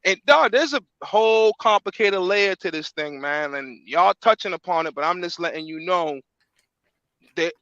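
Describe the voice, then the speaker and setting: A man's voice: high-pitched, animated, normal speed, pushed and bright, dry recording. Rambling man on a dull lo-fi line. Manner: rambling, filler-heavy, constant "like". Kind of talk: casual chat. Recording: dull lo-fi dry sound.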